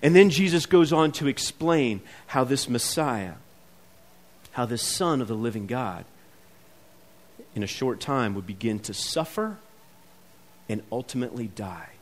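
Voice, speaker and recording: A man's voice: mid-range voice, animated, a little slow, long pauses. A man preaching a sermon in a church, talking conversationally to the congregation. He acts out the voices in the passages and builds to emphatic peaks. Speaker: pastor. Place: church sanctuary.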